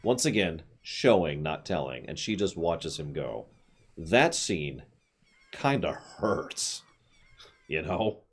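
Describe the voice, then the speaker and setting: A man's voice: low-pitched, big pitch swings, slow pace, slightly rough. A man giving casual, chatty commentary while streaming a video game, with opinionated asides.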